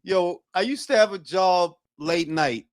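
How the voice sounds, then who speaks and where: A man who hosts a boxing talk livestream, chatting casually and profanely and giving shout-outs to his chat. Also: high-pitched, a little slow, no echo, studio quality. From Dominican heritage. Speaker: boxing talk show host.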